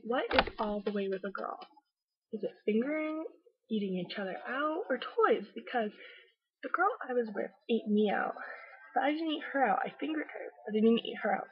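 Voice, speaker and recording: A chatty young woman, talking casually to her camera at home in a gossipy vlog. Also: fairly high pitch. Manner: chatty, gossipy, acts out quoted people. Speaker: vlogger. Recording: dull, dry lo-fi webcam audio.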